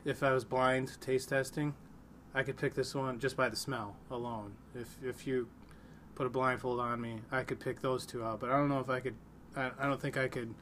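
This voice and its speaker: Easygoing male co-host, mid-pitched and hedging, with faint room hiss. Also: little pitch movement, normal speed, fairly bright tone. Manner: laid-back, hedging, laughs often. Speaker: podcast co-host. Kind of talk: casual beer-tasting chat.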